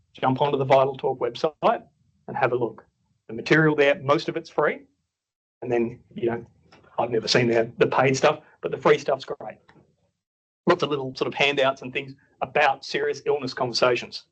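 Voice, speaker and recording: A man's voice: mid-range voice, moderate pace, long pauses, slightly rough, highs cut off. An Australian man teaching clinical staff, chatty and blunt, acting out patient dialogue as he goes. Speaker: clinical nurse educator. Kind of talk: workshop teaching.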